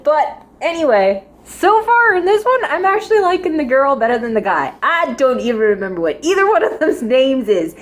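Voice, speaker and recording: Young woman with a high voice, rambling drama reviewer, giggles through her thoughts. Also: very animated, moderate pace, hardly any pauses. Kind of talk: casual spoken review.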